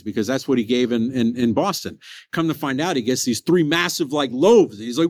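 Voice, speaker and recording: A man hosting a motivational podcast, telling a story with loud emphatic peaks and quiet low asides. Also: fairly quick, no room sound. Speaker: podcast host.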